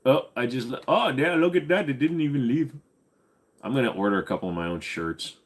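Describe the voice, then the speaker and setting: A man's voice: mid-range voice, expressive, brisk. A man hosting a casual live question-and-answer stream, rambling and swearing freely with lots of fillers. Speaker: livestream host.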